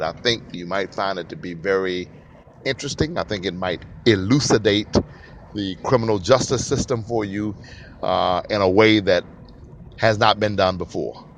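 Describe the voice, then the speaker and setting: A man's voice: low-pitched, a little hiss or hum. A man hosting his own podcast, talking in an emphatic way and repeating phrases for stress. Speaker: podcast host. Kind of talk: solo podcast monologue.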